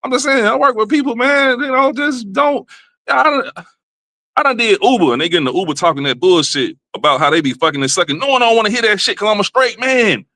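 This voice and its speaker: Profane, lively-voiced male comedy host. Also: high voice, quick pace, no room sound. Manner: profane, loose, riffing rants with repeated fillers. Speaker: show host. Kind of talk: casual comedic livestream commentary.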